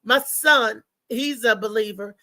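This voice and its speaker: A woman hosting a live morning show, chatting loosely and talking straight to her viewers. Her voice sits a bit high and sounds bright and gravelly. It is recorded close and dry, with no room sound. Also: a little slow, no room sound, poor audio. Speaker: host. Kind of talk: casual live show chat.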